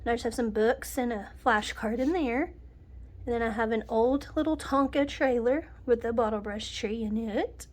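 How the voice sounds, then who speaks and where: A woman's voice: on the high side, normal speed. Nasal, sniffly woman. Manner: chatty, homey, lists items one by one. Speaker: home decor vlogger. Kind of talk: casual home tour narration.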